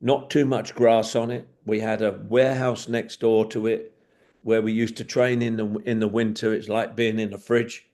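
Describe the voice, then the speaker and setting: A man's voice: fairly low pitch, flat delivery, moderate pace, darkish tone. An older man, a retired footballer telling rambling stories and acting out the old dialogue. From England. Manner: rambling, acts out quoted dialogue, chuckles. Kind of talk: storytelling anecdotes.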